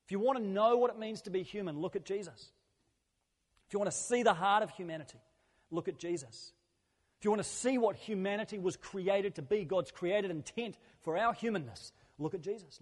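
Man, pastor, earnest conversational sermon, higher voice, long church-hall reverb. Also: a little fast, darkish tone. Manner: earnest, conversational preaching with repeated phrases.

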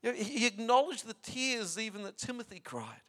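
A pastor preaching a sermon in a conversational, emphatic way, often repeating words and adding asides. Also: male voice, high-pitched, sing-song, brisk, pushed and bright.

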